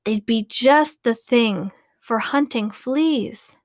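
A woman voicing a calm, polite father in a storybook reading. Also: a little high, slow pace, no room sound, studio quality. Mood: helpful. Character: calm, helpful young father on a journey.

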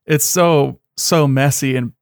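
A man's voice: medium pitch, steady tone, takes it slowly, vocal fry, no echo, studio quality. A man in a casual chat, sardonic and swearing often, with lots of "like". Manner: sardonic, heavy swearing, many "like" fillers.

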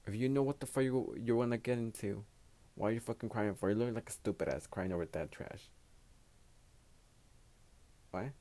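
A man's voice: lowish voice, moderate pace, pauses often, mellow. A man hosting his own podcast in a casual solo monologue, a native Spanish speaker talking in English, giving blunt, profane, rambling advice. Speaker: podcast host.

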